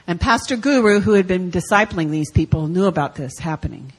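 A woman gives a sermon at a church service and tells it as a lively story. She lifts her voice high and loud for the exciting moments, then drops to a hush for the tender ones. She acts out the voices of the people in her story. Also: brisk, few pauses, breathy edge, rough recording. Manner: animated, acts out quoted voices, swings from loud to hushed. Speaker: guest speaker.

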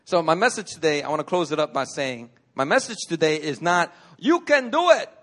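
Male pastor, fairly high voice, conversational animated sermon in church, storytelling. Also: a little fast.

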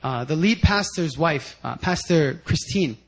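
A man preaching a sermon with personal stories, animated, sometimes shouting out quotes and laughing as he tells them. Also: on the high side, a little slow, rough recording. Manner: animated storytelling, acts out quotes loudly and laughs. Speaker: guest speaker at a church service.

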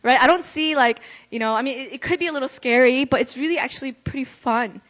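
A woman's voice: sits high, fast talker, fairly bright tone. Chatty young woman preaching, lo-fi. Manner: chatty, ends phrases with "right?". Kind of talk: casual youth sermon. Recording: dull lo-fi recording.

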